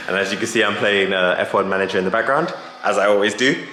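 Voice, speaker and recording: A man talking casually to camera in a vlog, gushing and excitable with quick laughs. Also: on the low side, echoey room, faint music behind. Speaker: car vlogger.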